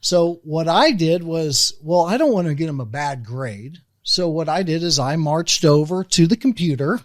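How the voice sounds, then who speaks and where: A man's voice: a little high, animated, unhurried, dry recording, studio quality. A middle-aged man hosting a parenting podcast, telling a family story in a casual, rambling way with many restarts. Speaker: podcast host.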